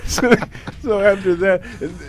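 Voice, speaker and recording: A man's voice: high voice, a little slow. An older man, a comedian guest on a radio show, telling rambling stories and laughing often in casual chat. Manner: rambling anecdotes broken by frequent laughter. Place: radio studio.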